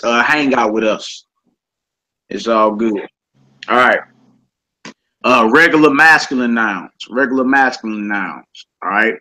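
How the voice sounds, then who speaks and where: A man teaching a casual online language class, relaxed and conversational, repeating each word slowly for his students. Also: mid-range voice, poor audio.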